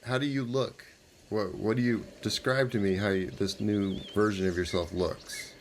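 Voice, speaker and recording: A man with a fairly low voice runs a tabletop game as game master, pressing his players with quick, restarting questions. Faint noise sits under the recording. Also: steady tone. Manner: quick questions, restarts, laughs, jumps to high goblin voices. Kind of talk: narrating a tabletop game, putting on guard voices.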